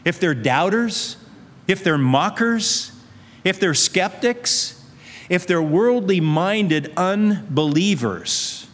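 Slow, earnest preaching man in a hall. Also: high-pitched, animated, a bit bright. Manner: earnest, repetitive exhortation with rhetorical questions. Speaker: pastor. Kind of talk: sermon. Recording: long reverb of a large hall.

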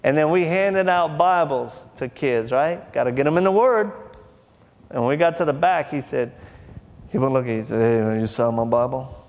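Gravelly-voiced preacher telling a story. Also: male voice, fairly high pitch, normal speed, in a large hall. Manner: animated, acts out voices in his stories; folksy, drawling informal speech. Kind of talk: sermon storytelling.

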